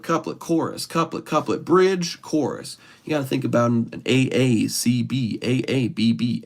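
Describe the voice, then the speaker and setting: A man hosts a relaxed livestream, reading viewer comments aloud and riffing on them with playful humor. His mid-pitched voice has a gravelly, creaky texture. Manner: playful, chatty, greets viewers by name. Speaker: improv comedian hosting a livestream.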